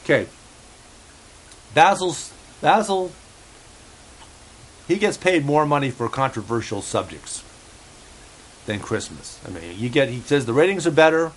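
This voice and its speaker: A man hosting a home-made show in a rambling, halting way, full of fillers and restarts, passing on what his cat supposedly says. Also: medium pitch, big pitch swings, low-quality recording. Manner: halting, many fillers and restarts, relays a cat's remarks. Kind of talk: rambling casual monologue.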